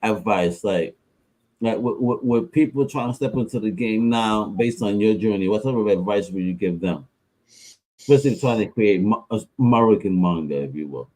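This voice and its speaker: A man hosting a casual podcast interview, animated and slangy, laughing often and acting out quotes. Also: lowish voice, moderate pace, poor audio. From New York. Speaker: podcast host.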